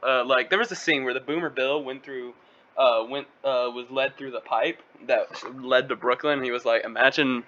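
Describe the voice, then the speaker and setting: A man's voice: medium pitch, fairly even intonation, moderate pace, sharp tone. A man co-hosting a casual podcast, giggly and loose, hesitating with fillers. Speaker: podcast co-host. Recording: muffled lo-fi audio with faint hiss.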